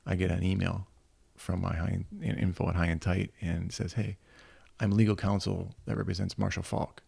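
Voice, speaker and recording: A middle-aged football coach from Michigan tells animated stories in a casual interview, acting out the voices of the people he quotes. His voice is low, creaky and husky at normal speed, in a dry recording.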